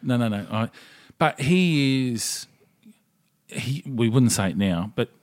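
A man's voice: mid-range voice, expressive, slow pace. An Australian man co-hosting a podcast, talking in a blunt, sweary, joking way. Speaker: podcast co-host. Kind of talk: casual chat.

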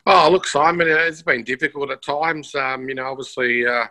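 A man's voice: mid-range voice, fairly even intonation, normal speed, pushed and bright, dry recording, rough recording. A man, a musician and broadcaster, talking in a casual interview in a modest, earnest way.

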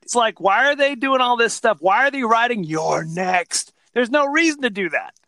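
Podcast co-host: a lively man with a high, bright voice on a dry close mic. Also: normal speed, dry recording. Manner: animated, laughing, retells scenes in quoted voices. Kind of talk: casual chat.

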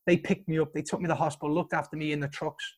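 Sweary Scouse man, higher voice. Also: level tone, very fast. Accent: Liverpool. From Liverpool, England. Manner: blunt and sweary, emphatic praise. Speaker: guest, soldier. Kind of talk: casual podcast storytelling.

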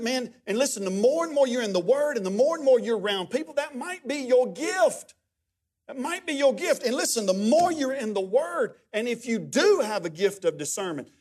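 A middle-aged man preaching a sermon as a guest pastor, telling folksy stories that swing from hushed to loud. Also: very high voice.

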